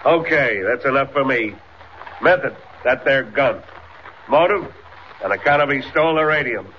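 An actor playing a gruff, blunt police sergeant with slangy, bullying speech, in 1940s radio acting. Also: male voice, mid-range voice, normal speed, lightly acted. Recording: dull noisy 1940s radio recording.

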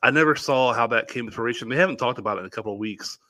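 Easygoing guy podcast cohost, bright tense voice, dry sound. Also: mid-range voice, rapid-fire, dry recording. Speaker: podcast co-host. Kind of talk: casual chat.

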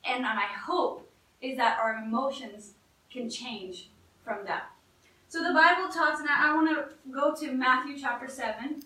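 A woman delivers an earnest, conversational sermon, often restarting her phrases as she goes. Her voice is high and bright. It sounds echoey, as if recorded from a distance in a reverberant room. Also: measured pace. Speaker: preacher. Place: church.

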